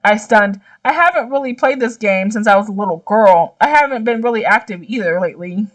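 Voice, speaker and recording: A young woman gaming YouTuber reading a visual novel aloud, breaking off with slangy, animated reactions. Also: mid-range voice, brisk, far from the mic.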